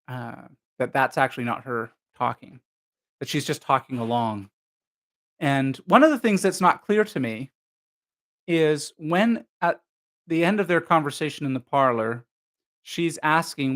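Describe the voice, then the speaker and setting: In a live reading, a man with a medium-pitched, fairly bright voice narrates a novel steadily. Between passages he muses casually about the story in unscripted asides.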